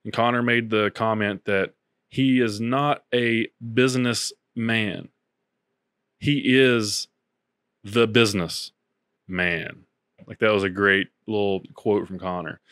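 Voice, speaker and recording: A man's voice: fairly low pitch, unhurried, smooth, no room sound, studio quality. A man co-hosting a podcast, chatting casually and recapping stories with plenty of filler words. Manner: relaxed storytelling with filler words. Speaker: podcast co-host. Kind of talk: casual chat.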